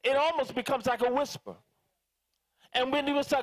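A man preaching a sermon as pastor, animated and calling out to his congregation for responses. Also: very high voice, moderate pace. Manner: animated, dramatizing prayers in different voices.

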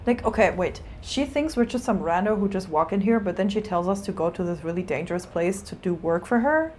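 A woman's voice: medium pitch, expressive, brisk, a little mellow, a little hiss or hum. A woman streamer giving casual, chatty commentary while she plays a game, swearing freely and talking to things on the screen.

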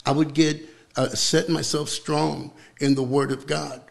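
A young man preaching with fervor in an interview, repeating words as he builds, then dropping to a hushed voice for prayer. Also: on the high side, level tone, a little slow, vocal fry.

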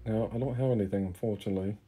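A man voices a nervous male shaman, pitched a little above the performer's own voice. He hedges every question and stalls with fillers, and the tone stays mellow. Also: steady tone, very fast, slightly rough. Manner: hesitant, filler-heavy.

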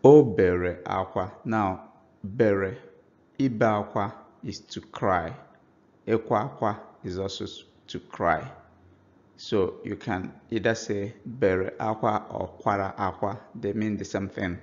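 Male language teacher, low voice, unhurried and patient, dull lo-fi sound. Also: steady tone. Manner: slow, patient explanations, spelling out example phrases. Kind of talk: language lesson.

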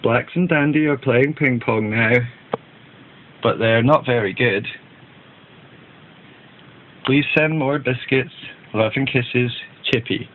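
A man's voice: mid-range voice, slow pace, pauses often, a little hiss or hum, lightly acted. A man voicing a cheerful child reading a letter home from camp, chatty and eager. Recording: tinny phone-like band.

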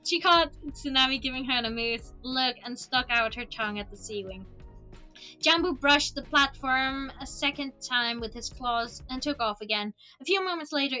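A woman with a high, bright voice reads a novel aloud on a livestream, lively and expressive. She speaks close to a desk microphone, and faint music plays softly in the background. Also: low-quality recording. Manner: expressive reading, with laughing asides. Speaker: streamer reading a book aloud. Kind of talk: reading a novel aloud on stream.

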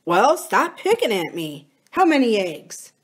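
A short-tempered, practical farmer who speaks bluntly and impatiently, voiced by a woman reading aloud. His lines come out a bit louder than the narration around them. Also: a little high, very animated, a little slow, slightly rough, pitched above the performer's own voice, full character voice. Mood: gruff.

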